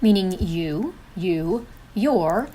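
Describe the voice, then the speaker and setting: A woman's voice: fairly low pitch, animated, very slow, warm tone. A woman co-hosting an instructional video, explaining grammar in an upbeat, encouraging teacher manner. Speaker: co-host and instructor.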